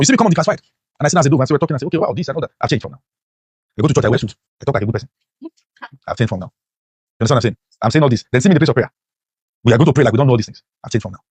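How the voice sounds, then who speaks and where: This man's mid-range voice races along very fast with lively intonation and a breathy edge, recorded with no room sound. He's a motivational teacher delivering a preachy classroom lecture full of rhetorical questions, and his pitch leaps up sharply on key points.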